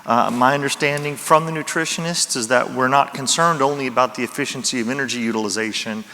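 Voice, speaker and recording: A man's voice: mid-range voice, fast, sharp tone. A man with a Louisiana accent giving a conference talk, folksy and self-deprecating. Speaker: conference speaker. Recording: reverberant hall.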